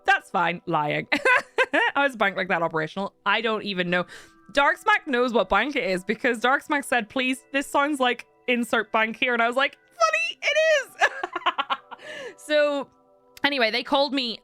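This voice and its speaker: A woman streamer chatting casually with viewers, telling a story in an animated way, acting out other people's voices, swearing and laughing often. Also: medium pitch.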